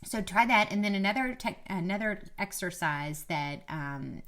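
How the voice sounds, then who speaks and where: A media coach from Kentucky, a woman in her thirties who used to be a TV reporter, shares casual, self-deprecating tips to camera in a mild Southern accent. Her voice is low and a bit bright, delivered at normal speed with hardly any pauses.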